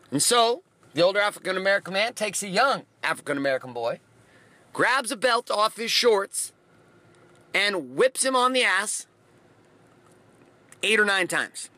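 A man with a high, bright, forceful voice gives a blunt motivational monologue. He drives his points home with repeated phrases. The recording is dry and close. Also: expressive, moderate pace, pauses often, no room sound.

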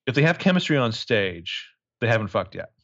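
A man's voice: fairly low pitch, big pitch swings, fairly quick, a bit bright, lo-fi sound. A man casually recapping a movie as a podcast co-host, crude and joking, rambling with lots of fillers.

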